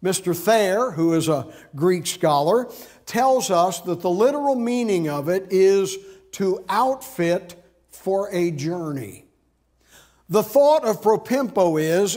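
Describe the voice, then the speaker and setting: Slow, high-voiced male preacher. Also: darkish tone. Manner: earnest, explanatory, reads scripture aloud. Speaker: pastor. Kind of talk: sermon.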